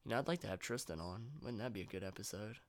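A man's voice: on the low side, lively intonation, fast. A man hosting a podcast in a casual chat, laid-back and swearing freely. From Virginia, US. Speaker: podcast host.

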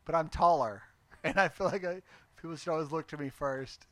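Higher-voiced joking man, dry sound. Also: fairly quick, fairly bright tone, no echo. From Texas. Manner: joking, self-mocking banter. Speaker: podcast co-host. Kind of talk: casual chat.

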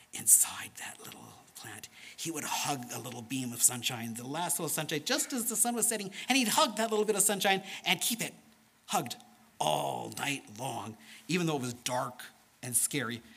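A man telling a children's sermon story in an animated, playful way, with sound effects and questions to his listeners. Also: a little high.

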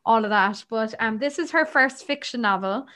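Young girl, podcast cohost, high bright voice, laughs a lot, lots of ums. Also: lively intonation, moderate pace. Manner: chatty, laughing, frequent fillers. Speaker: podcast co-host. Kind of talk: casual book chat.

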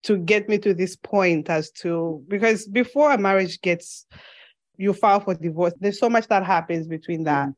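A woman's voice: on the low side, normal speed, no echo. A woman from Zambia with a slight lisp, a podcast guest telling her story in an earnest, reflective way in a casual interview.

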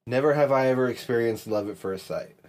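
A podcast co-host with a medium-pitched, brisk and somewhat dark voice reads drinking-game prompts off cards. The chat around it is casual and full of jokes.

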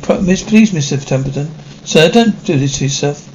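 A man playing a gentle, loyal male servant in a 1950s television drama, speaking politely and soothingly. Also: fairly high pitch, expressive, normal speed, dull audio, close to an everyday voice. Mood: soothing, deferential. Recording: faint hiss of an old TV soundtrack.

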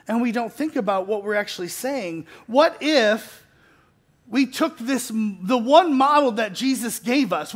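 A middle-aged man with a fairly high voice delivers a sermon as a pastor. He talks casually and pokes fun at himself, with easy restarts and a chuckle here and there. Then he leans into points with earnest emphasis. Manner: conversational, self-deprecating, with restarts and light laughs.

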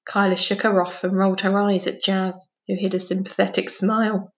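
A woman reads a children's story aloud at an even, mid-pitched level. Her narration is clear and gentle. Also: a little fast. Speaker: story reader. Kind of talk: reading a children's book aloud.

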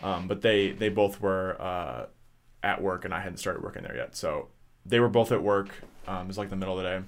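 On a podcast, a young male co-host with a low, brisk voice rambles through a casual story. His telling is peppered with curse words, filler sounds, and false starts.

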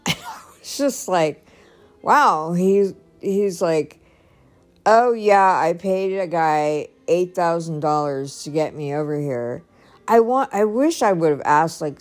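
Slow-talking chatty woman vlogger. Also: fairly low pitch, darkish tone. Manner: chatty, rambling, laughs often, faith-filled. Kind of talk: casual personal vlog.

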